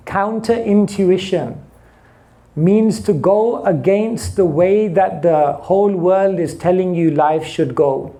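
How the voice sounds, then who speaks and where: A man giving a spiritual class, telling stories and acting out the dialogue in them. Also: mellow. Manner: storytelling, acting out dialogue with rising pitch. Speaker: spiritual teacher. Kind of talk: sermon.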